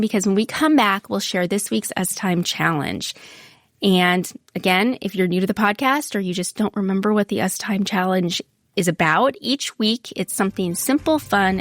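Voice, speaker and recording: A woman co-hosting a marriage podcast, calmly explaining and steering the conversation. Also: medium pitch, no echo. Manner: steady, explanatory, steers the talk. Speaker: podcast co-host. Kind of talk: casual chat.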